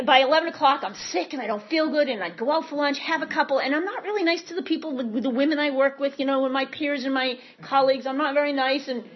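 Husky woman, fairly high voice, frank rambling recovery share, dull lo-fi recording. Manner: frank, rambling, self-correcting. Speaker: speaker sharing at a recovery meeting. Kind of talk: candid personal recovery story.

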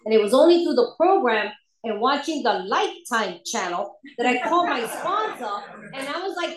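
Woman, recovery share, candid storyteller with ready laughter, high pitch, echoey room. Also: sing-song, normal speed. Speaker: speaker sharing at a recovery meeting. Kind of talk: personal recovery testimony.

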